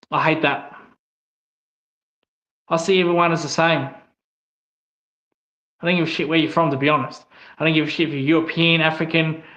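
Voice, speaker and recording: This Australian online commentator vents blunt, angry opinions and swears a lot along the way. His voice is on the high side and a bit bright, and the recording carries an echoey, slightly dull room tone.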